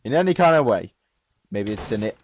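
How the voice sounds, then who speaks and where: A man's voice: on the low side, very animated, fairly quick, slight background noise. An eighteen-year-old man giving gameplay commentary, jumpy, swearing and shrieking at scares. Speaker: gamer.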